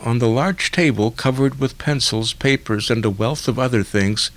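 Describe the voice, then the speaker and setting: A man narrating a literary story in a measured, deliberate way. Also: mid-range voice, creaky, a bit bright. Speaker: audiobook narrator.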